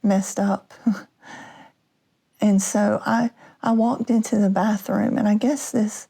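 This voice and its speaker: Female podcast host, slow and halting storyteller, dark gravelly tone. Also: mid-range voice, little pitch movement. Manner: halting, many restarts and fillers. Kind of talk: personal storytelling.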